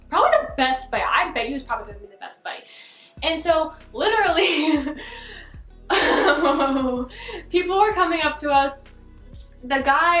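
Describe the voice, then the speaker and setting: A young woman vlogger telling a childhood story in a casual, animated way, laughing often and full of fillers. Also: fairly high pitch. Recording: echoey room with faint music.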